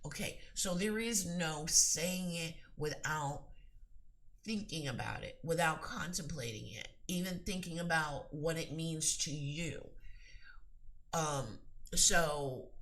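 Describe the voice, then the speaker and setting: A woman's voice: low voice, slow, fairly bright tone. Earnest woman giving spiritual advice. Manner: earnest, emphatic, rambling with restarts. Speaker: psychic and spiritual teacher.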